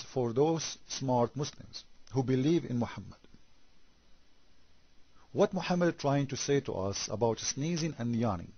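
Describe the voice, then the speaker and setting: Husky-voiced sarcastic man, native Arabic speaker. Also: medium pitch, no room sound, lo-fi sound. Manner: sarcastic, full of rhetorical questions. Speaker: religious debater. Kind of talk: critical commentary on scripture.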